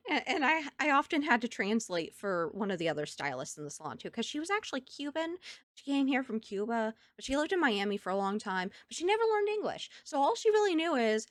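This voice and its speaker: A woman streamer in casual chat from home, animated and laughing often between thoughts. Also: sits high, fast, dry recording, studio quality. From United States.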